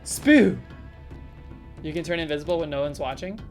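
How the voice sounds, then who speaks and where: A woman streaming a game live, chatting casually with viewers in a playful way and breaking into sudden loud exclamations. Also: sits low, steady tone, very fast, faint music behind.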